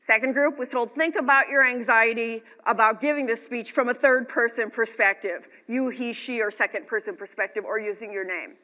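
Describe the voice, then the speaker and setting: A middle-aged woman gives an earnest motivational talk to a women's group and shares research with real feeling. Her voice sits a little high and has a bright, sharp edge. She sounds like a broadcast, with a long reverb from a large hall. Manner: earnest, expressive, quotes research.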